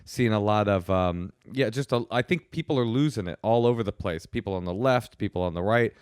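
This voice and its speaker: A man co-hosting a podcast from home, chatting casually with wry, deadpan storytelling. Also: on the low side, fairly quick, clear, resonant tone, no echo, studio quality. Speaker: podcast co-host. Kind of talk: casual chat. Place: home studio.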